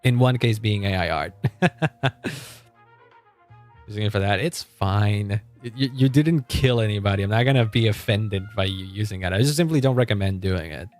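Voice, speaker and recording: A man's voice: on the low side, normal speed, faint music behind. A man streaming a game and chatting casually with his viewers. He rambles, restarts his sentences and laughs often. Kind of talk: casual live-stream chat.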